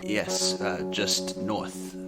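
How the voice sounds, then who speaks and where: A man playing a character in a tabletop game, polite and measured. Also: sits low, flat delivery. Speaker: player. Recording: loud guitar music behind.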